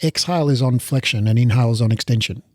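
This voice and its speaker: Quick-talking man co-host, Australian accent. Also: mid-range voice, no echo, clean studio sound. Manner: quick, easygoing, explaining. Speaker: podcast co-host. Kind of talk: casual chat.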